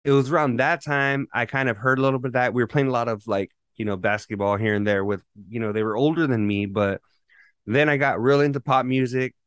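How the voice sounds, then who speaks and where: Male podcast co-host, mid pitch, dry close sound, rambling profane storyteller. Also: steady tone, a little fast, fairly bright tone, clean tone, no room sound. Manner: loose, profanity-heavy storytelling with rambling restarts. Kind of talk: casual chat.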